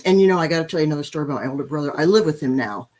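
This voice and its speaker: An older woman in her sixties telling personal stories on a podcast, her voice a little low for a woman. She speaks animatedly, pokes fun at herself and trips into frequent restarts. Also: very fast. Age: 60s. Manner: animated, self-deprecating, many restarts. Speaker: podcast guest. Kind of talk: storytelling in conversation.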